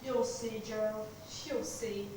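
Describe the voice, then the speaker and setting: A woman's voice: medium pitch, fairly even intonation, takes it slowly, recorded from a distance, natural voice. A woman rehearsing a stage play, playing an upset young daughter who pleads and accuses emphatically. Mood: accusing. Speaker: amateur stage actor. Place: rehearsal hall. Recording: echoey hall recorded from afar, noisy.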